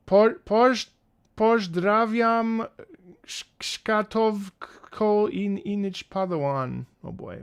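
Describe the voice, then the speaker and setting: A playful man in his thirties chatting casually on a live stream. He is an opera singer, and his speaking voice sits high and carries a gravelly fry. He takes his time, trying out greetings in other languages and trailing into little joking asides. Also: slow pace. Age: 30s.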